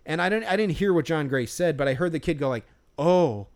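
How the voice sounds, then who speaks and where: A man's voice: fairly high pitch, expressive, quick pace. A man co-hosting a casual podcast, telling a rambling story with lots of filler words. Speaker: podcast co-host. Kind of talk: casual chat.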